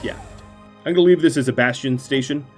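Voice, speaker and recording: A man's voice: mid-range voice, a little fast. A man streaming a strategy game, giving casual, playful gameplay commentary in a gleefully mock-villainous way. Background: faint game music.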